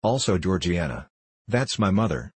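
A man voicing a frightened small orphan boy who answers timidly and pleads, in a low, husky voice. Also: big pitch swings, moderate pace, dry recording, exaggerated voice.

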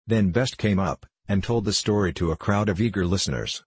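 Very low, husky male audiobook narrator. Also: no room sound. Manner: steady, measured storytelling.

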